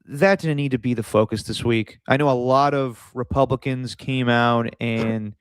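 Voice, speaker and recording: A man's voice: medium pitch, fairly even intonation, normal speed, clear, resonant tone, no echo. A man co-hosting a casual sports podcast, telling rambling anecdotes with plenty of fillers. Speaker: podcast co-host.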